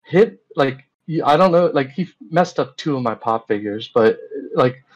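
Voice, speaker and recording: A man's voice: medium pitch, animated, moderate pace, muffled recording. A man, a guest in an interview, recounting events in a rambling, casual way full of fillers and retold dialogue.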